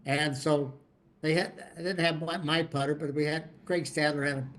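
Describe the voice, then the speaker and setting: A man's voice: on the high side, steady tone, normal speed, fairly bright tone. Older man telling rambling stories. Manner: rambling, frequent restarts and repeated words. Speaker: guest. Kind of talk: casual storytelling.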